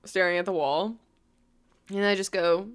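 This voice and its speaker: A woman's voice: medium pitch, steady tone, normal speed, clean tone. A young woman from New York vlogging casually, rambling with lots of "like" and frequent laughs. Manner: rambling, full of "like", laughs often. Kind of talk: casual storytime chat.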